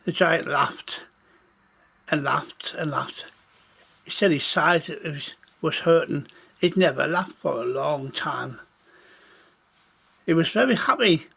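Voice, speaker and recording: A man's voice: on the high side, bright, forceful tone. A man telling an improvised children's story in a meandering way. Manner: gravelly, slow and meandering.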